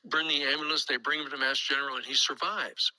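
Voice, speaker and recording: A man's voice: mid-range voice, steady tone, a little fast, bright, forceful tone, rough recording. An older man telling a long story in a casual interview, acting out the voices of the people he quotes and often restarting his sentences. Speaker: guest storyteller.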